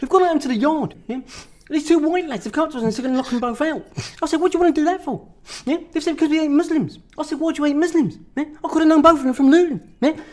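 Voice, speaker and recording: A rapid, high-pitched talker who rattles off absurd tales with a straight face. He caps almost every sentence with a questioning "yeah?", staying earnest and deadpan throughout. The voice sits well above a normal man's, and the delivery barely pauses. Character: deadpan English activist man telling absurd tales. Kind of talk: parody interview impression.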